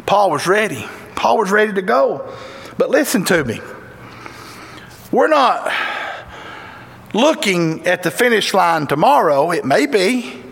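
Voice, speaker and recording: High-voiced fervent Tennessee preacher. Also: male voice, sing-song, a little slow, vocal fry, pauses often, fairly bright tone. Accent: Southern US, Tennessee. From Tennessee, USA. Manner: fervent and folksy, with bursts of exclamation. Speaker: guest preacher. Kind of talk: sermon. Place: church sanctuary. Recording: echoey church hall reverb.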